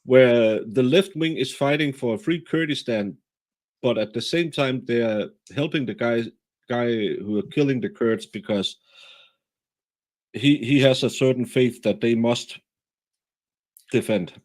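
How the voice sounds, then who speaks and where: A man's voice: medium pitch, a little slow, pauses often, a little mellow. A man from Denmark, co-hosting a casual political chat and ranting bluntly with strong opinions. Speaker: co-host.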